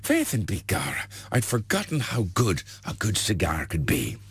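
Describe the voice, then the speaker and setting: A man's voice: on the low side, huge pitch swings, normal speed, a bit bright, husky, no echo, full character voice. A man playing a jolly stranded Irish castaway who spouts stage-Irish exclamations. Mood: delighted.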